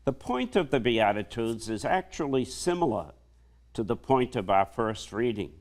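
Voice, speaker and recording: A male priest delivering a homily in a slow, measured preaching manner. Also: medium pitch, very animated, darkish tone.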